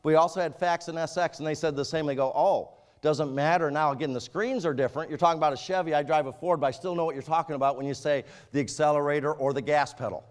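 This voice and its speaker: A man from Michigan with a rural Michigan accent runs a software training class, joking casually and addressing the group directly. His voice is a little high and steady in tone, and he talks very fast with hardly any pauses, in a training room with an audience.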